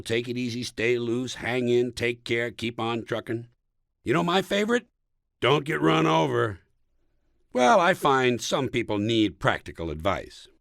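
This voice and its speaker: With a fairly bright tone, an American man reads his own comic book aloud in a studio, sardonic and mocking, jabbing every punchline. His pitch varies widely line to line, and the close recording is dry, with no room sound.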